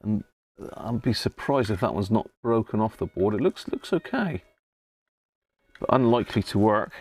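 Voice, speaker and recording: This expressive, lowish male voice moves at a moderate pace in a clip without echo. A southern English livestream host restoring vintage radios chats casually from his home workshop, laughing a lot and greeting viewers by name while he inspects old radios at the bench.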